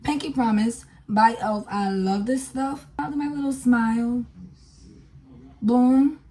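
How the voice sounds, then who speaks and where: A woman's voice: on the high side, slow, warm tone. A young woman chatting casually through a makeup tutorial, talking to viewers with lots of fillers as she works. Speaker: beauty vlogger.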